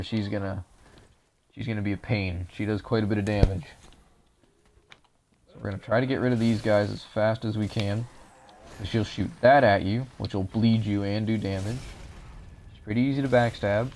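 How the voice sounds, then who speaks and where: A young man with a low, gravelly voice talks through a game walkthrough in a relaxed, explanatory way. His voice sounds a little dry. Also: moderate pace, pauses often, slight background noise. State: voice drying out. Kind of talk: casual gameplay commentary.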